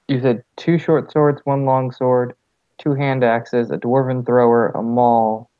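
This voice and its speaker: An excitable man playing a tabletop game, stammering and swearing as he jokes. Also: medium pitch, measured pace, no room sound, narrow, tinny audio. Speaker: player. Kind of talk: casual tabletop game chat.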